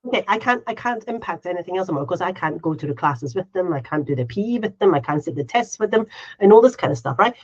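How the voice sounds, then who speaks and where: A woman's voice: lowish voice, lively intonation, fast talker, a little mellow, highs cut off. A woman co-hosting a casual podcast chat. She talks in a chatty, running way, tags her sentences with "right?", and acts out her own inner voice in little quotes. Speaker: podcast co-host.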